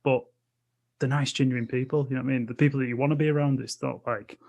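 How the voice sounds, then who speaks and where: A man's voice: mid-range voice, fairly even intonation, fast talker, a little mellow. A man with a Yorkshire accent co-hosting a casual podcast, laid-back and slangy, rambling a bit. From Yorkshire, England.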